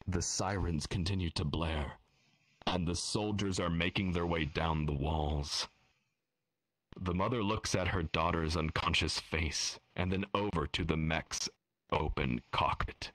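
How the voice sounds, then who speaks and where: Low-voiced guy narrating an rpg scene, slow and solemn, very dry sound. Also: fairly bright tone, dry recording. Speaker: game master. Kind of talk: dramatic scripted narration.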